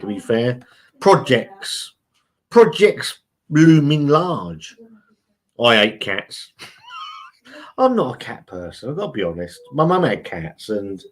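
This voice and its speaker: Chatty man hosting a live stream. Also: mid-range voice. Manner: chatty, blunt and sweary, calls everyone mate. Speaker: live stream host reading chat. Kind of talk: casual live stream chat.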